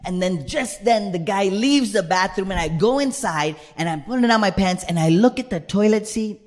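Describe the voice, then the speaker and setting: A man performs stand-up storytelling on a live stage, his voice sitting a little high. He is animated, dropping suddenly from loud punchlines into hushed whispered asides. He keeps turning to the crowd to check they are with him. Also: moderate pace, faint music behind. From United States. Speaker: comedian and solo performer. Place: live stage before an audience.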